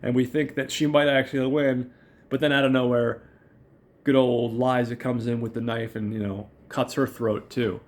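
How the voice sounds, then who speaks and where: A man's voice: medium pitch, flat delivery, normal speed. A man hosting a casual show and recapping a film in a chatty, rambling, profane way. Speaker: podcast host.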